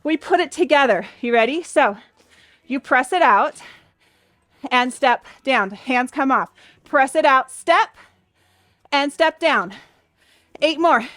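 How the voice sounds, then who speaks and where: A woman's voice: high voice, animated, slow pace, pauses often, fairly bright tone, no echo, studio quality. A young adult woman leading a Pilates class, cheering and counting reps, a bit out of breath. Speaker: Pilates instructor. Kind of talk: workout class instruction.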